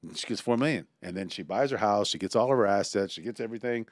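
A man's voice: on the low side, fast, no echo, clean studio sound. A man, an attorney co-hosting a podcast, telling stories and explaining points in a wry, chatty way. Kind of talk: casual podcast banter.

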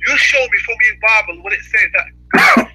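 A man's voice: high voice, fast talker, heavy background noise. A man in a heated debate, insistently repeating his demands.

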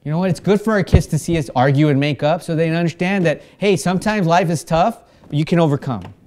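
A man's voice: fairly high pitch, quick pace, a little mellow. A man preaching to a church congregation in a conversational way, with frequent fillers and restarts. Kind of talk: informal sermon.

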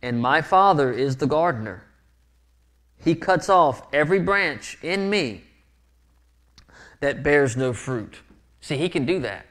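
A man's voice: on the high side, expressive, slow, pauses often, fairly bright tone. A man preaching a sermon as pastor, earnest and often repeating words for emphasis. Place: church sanctuary.

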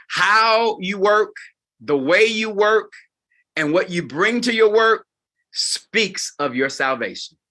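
Bright-voiced preacher in his fifties. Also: slow, pauses often. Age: 50s. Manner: expressive preacher, sweeping from loud highs to quiet lows. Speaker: pastor. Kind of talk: closing sermon to volunteers. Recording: live talk before a group.

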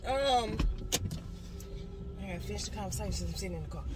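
Inside a car, a woman in her late twenties, a motivational speaker, swears her way through a frank story for a casual vlog. Her mid-range voice is animated and quick, heard over loud music and car noise in a low-quality recording.

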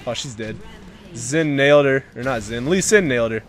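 A young man giving live commentary over his own gameplay, excitable and swearing, breaking into loud bursts. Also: mid-range voice, normal speed. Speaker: gaming commentator.

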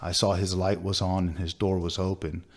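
This is a tattoo artist, a man with a low voice and a level tone, sharing a personal story earnestly during a seated interview. He keeps stopping and starting over, filling gaps with plenty of fillers.

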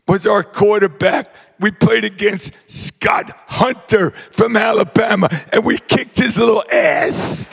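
An older man, giving a rowdy acceptance speech full of brash shouted jokes. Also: sits high, creaky, slightly rough, long reverb tail. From New Jersey. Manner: boisterous, shouting, brash joking. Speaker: hall of fame inductee.

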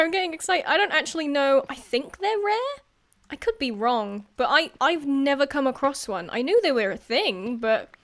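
A woman giving casual gameplay commentary as a YouTuber, chatty and excitable, laughing often and talking to the creatures on screen. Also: high-pitched. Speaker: gaming YouTuber.

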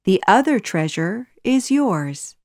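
A woman's voice: medium pitch, sing-song, takes it slowly, darkish tone, no echo, clean studio sound. A woman voicing a scheming male sorcerer advisor in a storybook reading, smug and commanding.

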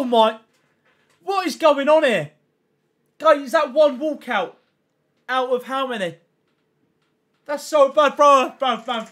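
A young man chatting casually to his viewers on a gaming livestream, excitable and slangy, thanking chat constantly and reacting loudly to pack openings. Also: very high voice.

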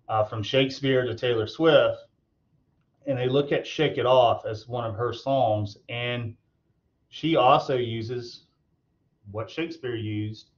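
Male tutor, mid-pitched, loose and halting delivery with fillers, dull lo-fi recording. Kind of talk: recorded online lecture.

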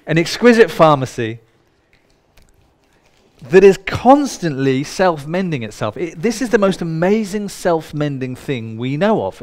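A man leading a live workshop in a room full of people, speaking in a playful, irreverent way and swearing now and then. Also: fairly high pitch. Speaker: workshop leader. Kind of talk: live workshop talk to an audience.

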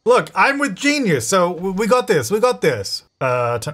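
A man giving casual, chatty gameplay commentary, excitable and talking back to the characters on screen. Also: high voice, moderate pace. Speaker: gaming channel host.

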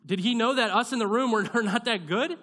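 A man's voice: very high-pitched, fairly quick, pushed and bright. A young man preaching a sermon in a church, in a conversational, self-deprecating way, acting out his own past doubts as little scenes. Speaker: pastor. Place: church sanctuary.

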